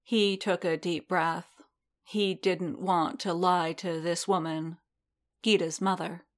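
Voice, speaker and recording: A woman reading a story aloud in a measured, steady narrating manner. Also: lowish voice.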